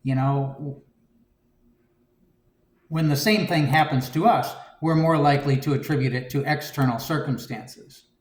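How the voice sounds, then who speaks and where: Guy giving a homily, kinda high voice, lots of "you know", echoey church. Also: measured pace, pauses often. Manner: relaxed and reflective, frequent "you know" and "um". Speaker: preacher. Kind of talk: conversational homily.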